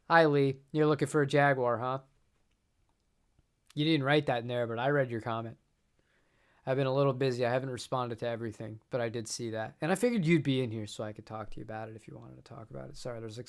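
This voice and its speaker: A man's voice: medium pitch, fairly quick, gravelly. A man hosting a guitar channel, chatting casually on a live stream, rambling and repeating words and laughing often.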